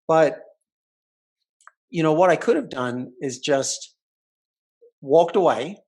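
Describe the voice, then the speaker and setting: Animated male coach telling stories. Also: on the high side, takes it slowly. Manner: animated, vivid storyteller. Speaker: guest, life coach. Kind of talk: casual interview storytelling. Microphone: remote call.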